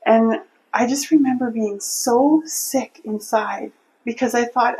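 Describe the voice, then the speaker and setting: Woman sharing her testimony in an interview, kinda high voice, earnest and heartfelt, restarts a lot. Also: takes it slowly, mellow, poor audio. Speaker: interview guest. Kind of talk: personal faith testimony.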